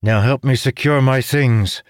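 A man's voice: mid-range voice, measured pace, dry recording, studio quality, voice pushed up, close to an everyday voice. A man voicing a stern commanding woman who growls and mutters in an audiobook. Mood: tense.

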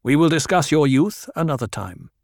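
A man voicing an earnest, careful young male leader who speaks with quiet command, in a dry recording. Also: on the high side, big pitch swings, normal speed, vocal fry, no room sound, voice pushed up, heavily acted.

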